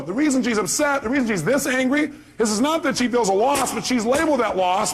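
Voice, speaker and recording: A man's voice: extremely high pitch, lively intonation, quick pace, few pauses, slight background noise. A man giving a motivational seminar talk, emphatic and throwing rhetorical questions at the audience. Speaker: motivational speaker.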